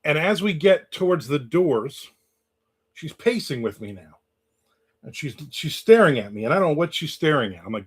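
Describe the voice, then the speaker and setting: A man's voice: fairly high pitch, animated, a little slow, pauses often, husky. A man hosting a casual live stream, telling a story and reading out viewer comments. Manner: storytelling, reads out chat comments. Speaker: host. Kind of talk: casual livestream chat. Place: in the American South.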